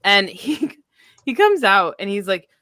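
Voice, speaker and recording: A woman with a cold chats in casual political banter, animated and quick to laugh and swear. Her voice is bright and forward, and the sound is dry and close, with little room around it. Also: medium pitch, no room sound. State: congested from a cold.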